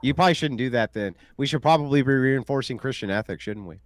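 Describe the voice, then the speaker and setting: A man's voice: medium pitch, fast, dry recording, clean studio sound. A man in a heated online debate, mocking his opponents and repeating his points insistently. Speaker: debate guest.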